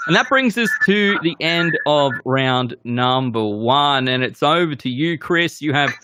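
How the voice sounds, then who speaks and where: A man's voice: a little high, expressive, a little slow, noisy background. A man hosting a casual whisky game show, loose and self-deprecating.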